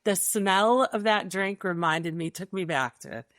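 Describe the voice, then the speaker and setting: A woman co-hosting a podcast in casual chat, chatty and quick to laugh, with a dry close sound. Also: medium pitch, fairly bright tone, no echo. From Michigan, USA. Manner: chatty, laughs often, quick-fire questions. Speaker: podcast co-host.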